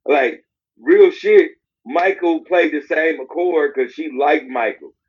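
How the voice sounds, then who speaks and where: A man's voice: a little high, takes it slowly, slightly rough. A man co-hosting a podcast, telling loose, profane stories in casual chat. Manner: loose, profane storytelling with put-on impressions. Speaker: podcast co-host. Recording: dull lo-fi podcast audio.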